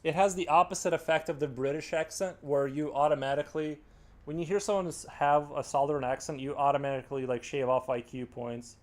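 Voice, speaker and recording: A man's voice: on the high side, steady tone, fairly quick. Joking American man chatting on a livestream. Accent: standard American. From United States. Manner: rambling, joking, reading chat aloud. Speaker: livestream artist. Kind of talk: casual live-stream chat while drawing.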